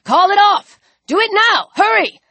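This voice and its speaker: A woman's voice: very high voice, expressive, measured pace, vocal fry, sharp tone, no echo, pitched above the performer's own voice, exaggerated voice. A woman voicing a young man with a rifle, barking urgent commands in a storybook reading.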